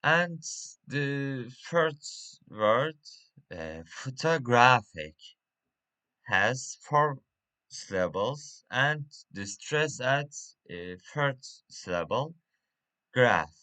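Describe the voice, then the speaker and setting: Slow, halting man with a bright voice. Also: medium pitch. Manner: slow and halting, with many fillers and restarts. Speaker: English teacher. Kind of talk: reading a pronunciation lesson.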